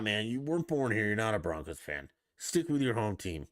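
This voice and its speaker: A man's voice: lowish voice, big pitch swings, a little fast, fairly bright tone. A man hosting a solo podcast, ranting about sports in an exasperated, profane way. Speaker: podcast host.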